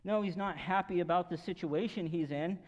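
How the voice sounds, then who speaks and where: A male pastor giving an earnest, emphatic sermon, swinging between raised and quiet passages. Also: high-pitched, fairly quick. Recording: long hall reverb, dull lo-fi sound.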